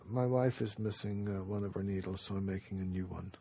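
A man voicing a stubborn, earnest laborer who plainly explains an impossible task, with a gravelly, husky voice. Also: low voice, fairly even intonation, fairly quick, warm tone, exaggerated voice. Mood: matter-of-fact. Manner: matter-of-fact explaining.

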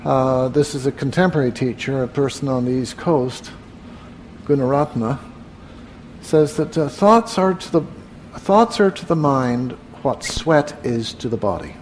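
A man teaching meditation to a live group in a room, relaxed and conversational, often asking the room questions. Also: medium pitch, a little slow, a little hiss or hum. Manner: relaxed, asks the audience questions, frequent "uh". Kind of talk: evening talk to a live group.

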